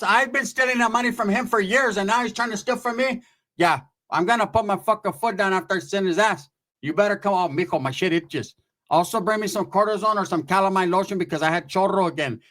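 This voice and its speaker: Loud, bossy auntie, brash and pushy, as a man puts her on. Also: high voice, brisk, pitched above the performer's own voice. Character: loud bossy aunt, older woman.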